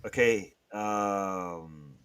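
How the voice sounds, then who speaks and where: A man hosting a casual live stream, bantering with the chat in a lively way and often restarting his sentences. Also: deep voice, extremely slow, clear, resonant tone. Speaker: livestream host.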